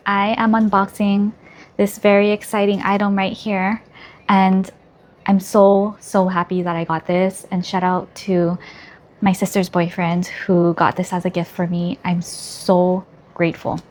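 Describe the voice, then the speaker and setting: Gushing woman unboxing, slow-spoken. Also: medium pitch, little pitch movement, darkish tone. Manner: gushing, squealing and gasping with delight. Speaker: vlogger. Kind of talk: excited unboxing vlog.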